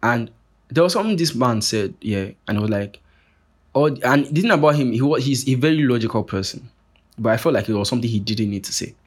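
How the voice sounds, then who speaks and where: A young man hosting a podcast, talking in a rambling, profane, animated monologue full of restarts. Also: medium pitch, brisk, husky. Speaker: podcast host. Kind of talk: casual monologue rant.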